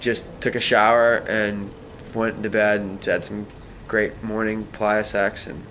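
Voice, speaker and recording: A man's voice: on the low side, level tone, measured pace, a bit bright, slight background noise. A man telling a long personal story in a casual, rambling way, full of fillers and acted-out quotes.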